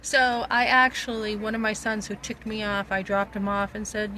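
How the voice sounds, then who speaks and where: A woman's voice: medium pitch, steady tone, moderate pace, few pauses, sharp tone, slight background noise, rough recording. A middle-aged woman talking bluntly and emphatically in a casual vlog, recorded outdoors on a phone. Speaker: vlogger. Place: outdoors on a street.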